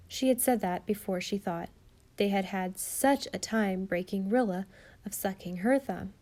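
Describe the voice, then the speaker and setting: Mellow-voiced woman narrating a story. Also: medium pitch, unhurried. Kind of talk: audiobook narration.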